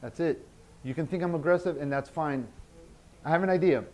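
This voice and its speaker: A man's voice: on the high side, fairly quick, darkish tone. A man teaching a workshop, blunt and emphatic, repeating his key points. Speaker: workshop instructor.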